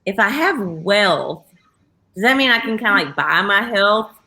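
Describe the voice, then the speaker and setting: A woman's voice: medium pitch, animated, unhurried, sharp tone, low-quality recording. A woman from the Missouri Bootheel with a Southern US accent, hosting an upbeat, casual chat show. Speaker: talk show host.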